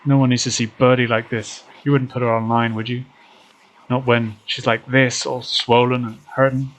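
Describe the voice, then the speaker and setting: A man voicing a gruff, protective older man with an American Southern accent, loud and drawling, in a game playthrough. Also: medium pitch, flat delivery, moderate pace, lightly acted. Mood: scolding.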